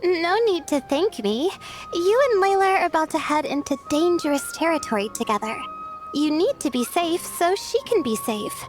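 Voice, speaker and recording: A woman voicing a shy, sleepy young scholar in a video game, soft-spoken and hesitant. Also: very high voice, expressive, moderate pace, over music. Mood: calm. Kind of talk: game voice acting.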